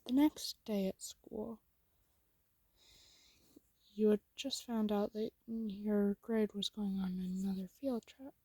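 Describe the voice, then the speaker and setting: A woman narrating a second-person fan story in a soft, intimate whispered role-play. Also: medium pitch, steady tone, slow, pauses often, slightly rough, dry recording.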